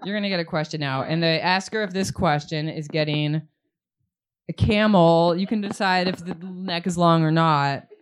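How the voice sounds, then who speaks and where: A woman's voice: deep voice, fairly quick, hardly any pauses, smooth. A woman hosting a live event, handing out prizes in a playful, chatty way. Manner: playful, chatty, laughs often. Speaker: event host.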